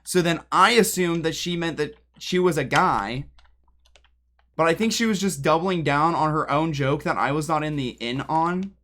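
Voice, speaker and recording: Chatty, higher-voiced male streamer. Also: normal speed, a bit bright. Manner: rambling, joking, talks straight to chat; drifts away from the mic while moving around. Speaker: livestreamer. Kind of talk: casual livestream chat. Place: home room with a piano.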